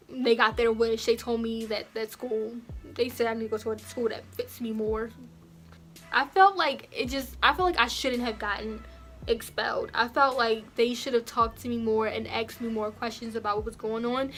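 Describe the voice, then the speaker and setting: A young woman recounting a personal story to her viewers in a casual, chatty way. Her voice sits a little high, and she jumps up in pitch and volume whenever she imitates someone. Soft music plays faintly behind her. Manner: animated, acts out quotes in raised voices. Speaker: vlogger.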